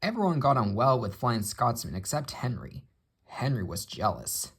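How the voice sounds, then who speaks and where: A man reading a children's railway story aloud with expressive storybook delivery. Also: medium pitch, moderate pace, breathy edge.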